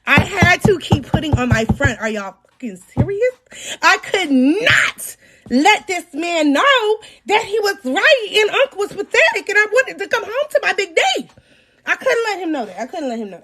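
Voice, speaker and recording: A woman telling an animated, profane personal story in a storytime vlog, breaking into dramatic shouts. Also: extremely high pitch, a little slow.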